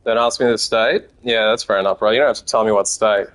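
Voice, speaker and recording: Speaking at a quick pace with fairly even intonation, the Australian man has a lowish, slightly bright voice. He streams a card game, chatting profanely with viewers in a casual running commentary.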